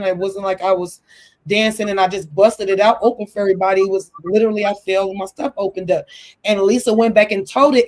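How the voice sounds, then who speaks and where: A woman co-hosting a casual reality TV recap, talking animatedly and acting out what people said in changing voices. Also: mid-range voice. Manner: animated, acts out quotes in shifting voices.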